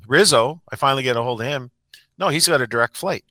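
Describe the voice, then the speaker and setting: A man's voice: medium pitch, brisk, pushed and bright, dry recording. A man who coaches a sports team, telling a rambling, self-mocking story in a casual podcast chat.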